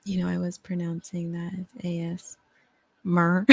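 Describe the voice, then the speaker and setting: A woman hosts a loose, chatty stream. She talks slowly in a low, gravelly voice, playful and quick to laugh, with casual swearing. The sound is dry and close on a standing mic. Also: monotone, dry recording. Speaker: host. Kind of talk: casual live-stream chat.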